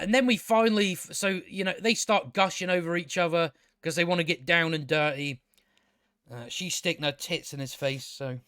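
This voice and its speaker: A man's voice: a little high, pushed and bright, no echo, studio quality. Blunt, sarcastic man ranting a review. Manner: blunt, sarcastic and profane, with frequent restarts. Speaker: show reviewer. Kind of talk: casual ranting video review.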